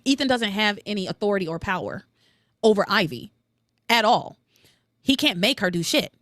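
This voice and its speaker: A woman recaps soap opera episodes on her solo podcast, opinionated and quick to swear. Her pitch swings all over the place as she gets worked up. The sound is dry and close. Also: no room sound. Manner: animated and opinionated, swears freely, quotes characters with jumps in pitch.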